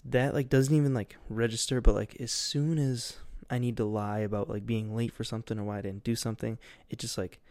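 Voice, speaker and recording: A man's voice: mid-range voice, fairly even intonation, fairly quick, hardly any pauses, darkish tone, dry recording. A young man rambling casually as a podcast host, loose and goofy, with lots of fillers and swearing.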